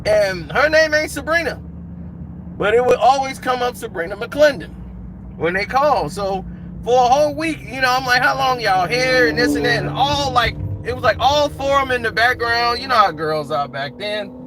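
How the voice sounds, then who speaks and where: A man's voice: very high-pitched, animated, moderate pace, fairly bright tone. A man telling a casual anecdote in a laid-back, slangy way, chuckling now and then. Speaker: storyteller. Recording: noisy outdoor traffic sound. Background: street and car noise.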